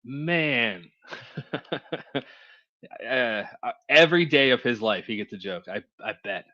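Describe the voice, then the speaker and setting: A man's voice: medium pitch, expressive, takes it slowly, bright, forceful tone, muffled recording. A man hosting a show, giving casual, chatty commentary on court videos and often stumbling over his words.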